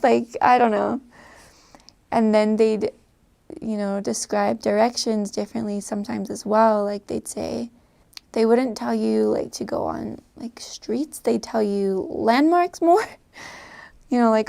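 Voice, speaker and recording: A young American woman chatting casually to camera, with lots of fillers, soft trailing phrases and frequent laughs. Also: a little high, measured pace, vocal fry. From United States. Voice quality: filler-heavy, laughing often, trailing off softly. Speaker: vlogger. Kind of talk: casual chat.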